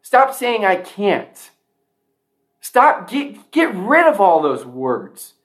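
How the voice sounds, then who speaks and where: A man's voice: high voice, wildly swooping pitch, extremely slow, a bit bright. A man giving a motivational speech to a sales audience, emphatic, often repeating key lines for effect. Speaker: motivational speaker.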